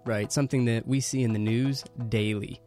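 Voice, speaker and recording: A man co-hosting a Christian show, reflecting on an interview in a measured way. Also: medium pitch, steady tone, dark tone, soft background music. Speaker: podcast co-host. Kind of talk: casual commentary.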